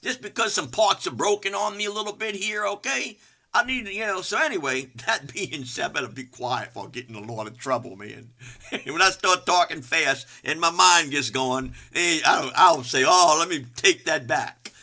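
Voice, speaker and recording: Older guy preaching, folksy and loud, fairly high bright voice, jokes on himself. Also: moderate pace, gravelly. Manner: animated, folksy, self-mocking, swings from loud to hushed. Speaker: pastor. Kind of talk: energetic folksy sermon.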